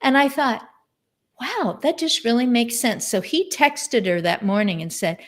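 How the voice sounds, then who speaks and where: A woman's voice: a little high, sing-song, a little slow. A woman hosting an unscripted video-call conversation, chatty and storytelling. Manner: chatty, retells stories by voicing what others said. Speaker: host. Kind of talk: casual chat on a live video stream.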